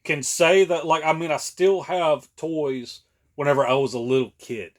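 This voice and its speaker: A man's voice: on the high side, steady tone, normal speed. Rambling man in his late thirties. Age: late 30s. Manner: rambling, many fillers, laughs often. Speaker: podcast co-host. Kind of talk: casual chat.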